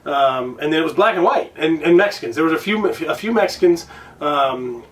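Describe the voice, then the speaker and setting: A man's voice: a little high, animated, moderate pace, recorded from a distance. A man from Illinois hosting a casual interview, talking in a rambling way with restarts and swearing. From Illinois, United States. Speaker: podcast host. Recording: voice a bit off-mic.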